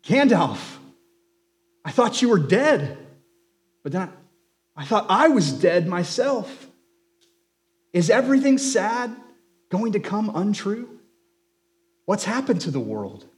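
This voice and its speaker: A man voicing a hopeful young male hobbit gardener with excited high cries, reading a novel aloud in a sermon. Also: normal speed, close to an everyday voice. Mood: overjoyed.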